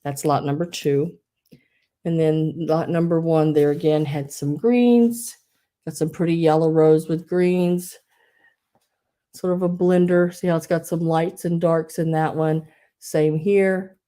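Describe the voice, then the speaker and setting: A low, mellow-voiced woman chats her way through a live online sale. She rambles, restarts her sentences and fills gaps with ums, and her breath is a little wheezy. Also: steady tone, measured pace. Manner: rambling, many fillers and restarts. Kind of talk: casual live sales chat.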